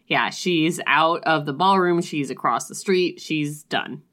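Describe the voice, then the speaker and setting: A woman co-hosting a podcast, chiming in with relaxed asides while recapping a story. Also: low-pitched, a little slow. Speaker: podcast co-host. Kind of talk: casual chat recapping a story.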